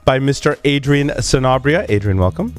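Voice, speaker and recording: A man hosts a tech podcast in a loose, energetic way, circling back and restarting his sentences. His voice is on the edge of giving out. A faint bed of music sits underneath. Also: medium pitch, moderate pace. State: losing his voice. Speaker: podcast host. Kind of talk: casual podcast talk and read ads.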